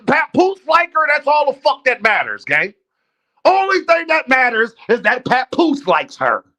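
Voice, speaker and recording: High-voiced man ranting on a livestream. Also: pushed and bright. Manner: blunt, profane and heated; talks straight to his chat. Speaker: livestream host. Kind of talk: unscripted livestream rant.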